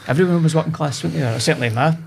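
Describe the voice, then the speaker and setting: A man's voice: a little high, rapid-fire, vocal fry, noisy background. A Scottish man in his forties, a podcast guest telling stories about his past in a chatty, self-deprecating way. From Scotland. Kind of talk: casual podcast chat.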